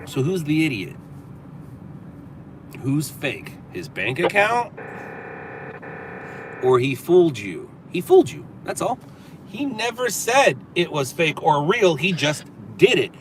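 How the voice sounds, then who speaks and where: Sitting in a car, a Southern California man hosts a casual livestream, answering viewer comments with sarcastic riffs. His voice is on the high side and very animated, and he talks slowly with frequent pauses. Soft music plays in the background.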